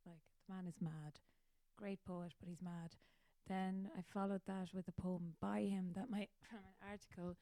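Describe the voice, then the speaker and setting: A woman's voice: medium pitch, flat delivery, normal speed, dark tone, no room sound. An Irish woman, a musician hosting her own show, chatting casually in a rambling, self-mocking way. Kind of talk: casual chat.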